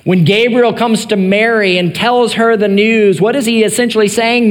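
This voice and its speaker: A male pastor preaching an earnest sermon, rising in emphasis and then dropping to soft, quiet phrases. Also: sits high, steady tone, normal speed, hardly any pauses, in a large hall.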